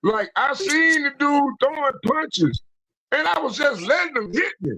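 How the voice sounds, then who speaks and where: A man spins a casual, profane story on an online call. His voice sits high and swoops all over as he acts out each quote. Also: animated, unhurried, sharp tone, rough recording. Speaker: panel guest.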